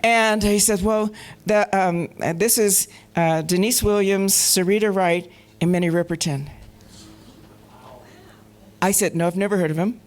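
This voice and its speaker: Lively woman telling stories on a panel. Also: medium pitch, measured pace, long pauses. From Colorado. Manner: lively, laughs often, acts out quoted voices. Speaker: panel guest. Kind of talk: anecdotal storytelling. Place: festival panel stage.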